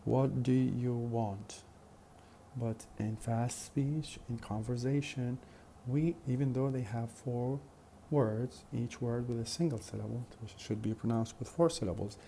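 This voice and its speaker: A male phonetics lecturer teaches methodically in an unhurried, mellow voice of medium pitch, leaning on fillers and repeated examples. This recorded lecture has a little background noise.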